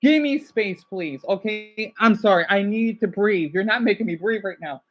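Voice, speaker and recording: A man's voice: high voice, dull audio, faint music behind. A man livestreaming in a casual, rambling way, upset and burnt out, apologizing often between outbursts. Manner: agitated, rambling, quick to apologize.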